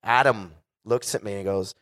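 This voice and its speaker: Low-voiced man telling a candid story. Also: normal speed. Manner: profane, candid, animated storyteller. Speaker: guest singer. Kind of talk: casual storytelling before a live audience.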